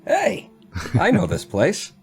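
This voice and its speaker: A man playing a boozy small-town man who keeps landing in jail, in improvised role-play, in a loud and sheepish way. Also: high-pitched, huge pitch swings, slow pace, gravelly, soft background music, voice pushed up, full character voice.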